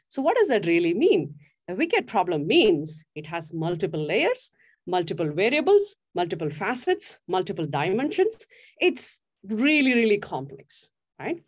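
Middle-aged woman, motivational stage speaker, lively up-and-down delivery, engages the crowd with questions. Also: mid-range voice. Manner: animated, asks the audience questions. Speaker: speaker giving a talk on design. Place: stage before a live audience.

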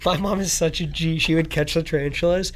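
A man's voice: a little high, fairly even intonation, fairly quick. Laid-back man telling stories on a podcast. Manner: laid-back storytelling with lots of "like" and "dude". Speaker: podcast co-host. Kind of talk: casual chat.

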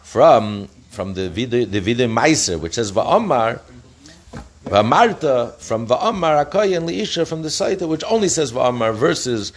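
A middle-aged man teaching a Talmud lesson, his pitch rising and falling freely as he explains. He reads a phrase, translates it, then corrects himself and moves on. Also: lively intonation, a little slow, a little hiss or hum. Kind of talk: daily page study lesson.

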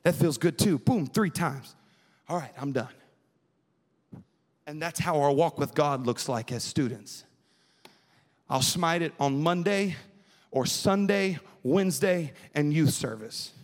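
A man's voice: on the high side, unhurried, pauses often. Fervent young man preaching in a hall. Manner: fervent, call-and-response with the crowd. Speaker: youth preacher. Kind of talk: Pentecostal-style sermon. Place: church sanctuary at an evening service. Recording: long reverb of a large hall.

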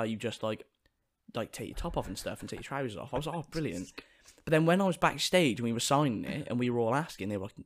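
A man's voice: medium pitch, expressive, fast talker. A young man telling a story in casual chat, frank and crude, with lots of fillers. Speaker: podcast co-host.

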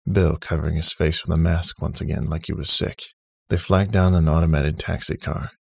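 A man narrating a serialized story in a steady, matter-of-fact way. His voice is very deep and gravelly with a husky edge. The recording is dry and close. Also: no room sound. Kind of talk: scripted narration.

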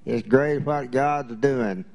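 An older man, the church's founding pastor, speaking briefly to the congregation in a halting way with pauses. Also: mid-range voice, darkish tone.

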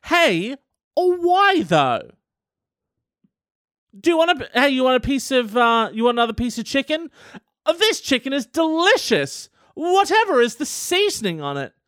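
A man's voice: very high-pitched, very animated, a little slow, a bit bright, no room sound, studio quality, voice pushed up, exaggerated voice. A man voicing a pushy, exasperated man who keeps serving food and badgering. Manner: impatient, badgering. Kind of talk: comedic podcast impression.

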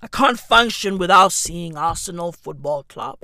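High, wildly animated ranting woman. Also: slow pace, no echo. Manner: swings from low mutters to shouted outbursts; slangy and repetitive, heavy swearing. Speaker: comic ranter. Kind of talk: profane comedic rant.

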